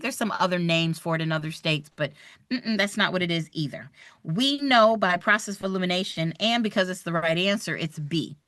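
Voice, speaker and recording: A woman, running a live online review for a real estate exam, chatty and animated as she talks straight to her viewers. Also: lowish voice, no room sound, studio quality.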